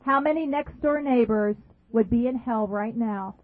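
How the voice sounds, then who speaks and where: High-voiced woman preaching over a tinny line. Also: normal speed, dry recording. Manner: emphatic, repeats phrases, asks the audience questions. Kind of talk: sermon. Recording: dry, phone-like narrow sound.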